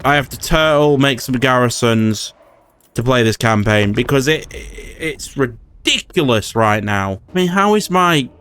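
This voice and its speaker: A man's voice: mid-range voice, expressive, unhurried, fairly bright tone, smooth. A man giving casual, swearing commentary over his strategy game and talking back at the computer players. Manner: swears, talks to enemy AI lords in frustration. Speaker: gaming YouTuber.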